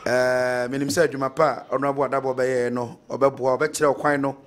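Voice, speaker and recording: A man's voice: mid-range voice, level tone, fairly quick. A Ghanaian man hosting a radio talk show, chatting casually, laughing often and reading out listener messages.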